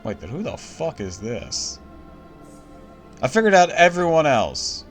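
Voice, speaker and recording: A man streaming a game, commenting casually and excitably, swearing and laughing often. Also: fairly high pitch, unhurried, faint music behind.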